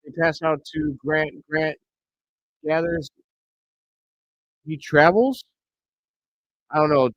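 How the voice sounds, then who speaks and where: Streamer man, fairly high voice, dry dull home mic, excitable play-by-play caller. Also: takes it slowly, pauses often, no room sound. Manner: bursts into excited shouts on big plays. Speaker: host of a live reaction stream. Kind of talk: play-by-play commentary.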